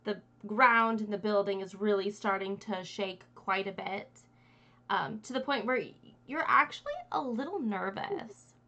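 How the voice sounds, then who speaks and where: A woman's voice: medium pitch, a little slow, pushed and bright, dull audio. A woman running a tabletop game as game master, narrating casually with fillers and restarts.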